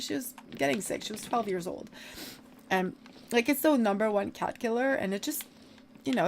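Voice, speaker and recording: A woman's voice: medium pitch, slight background noise. A woman livestreamer chatting casually while gaming, rambling and filling her talk with "like". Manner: rambling, heavy use of "like" fillers.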